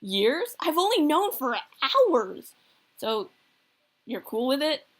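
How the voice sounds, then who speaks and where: A woman's voice: fairly high pitch, animated, moderate pace, a bit bright. A woman voicing an embarrassed, sarcastic teenage boy from a visual novel. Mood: flustered. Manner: flustered, exasperated.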